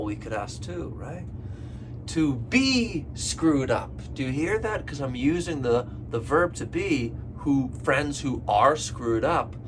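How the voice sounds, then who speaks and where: A man teaching English phrasal verbs, repeating each example slowly and clearly for learners. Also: fairly high pitch, fairly bright tone, a little hiss or hum. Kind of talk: slow, deliberate lesson delivery.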